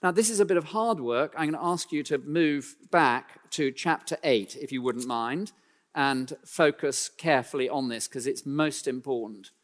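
A male preacher of middle pitch giving a sermon, his voice carrying a long reverb as if in a large church. He presses his points emphatically, rising and then sinking to a hushed close, and slips in dry, self-mocking asides. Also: moderate pace. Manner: emphatic, builds in pitch and volume then drops low and quiet.

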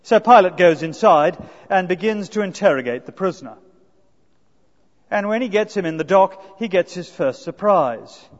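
High-voiced preacher man in a hall. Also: animated, moderate pace. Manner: earnest, asks rhetorical tag questions. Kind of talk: expository sermon. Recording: dull lo-fi sound with long hall reverb.

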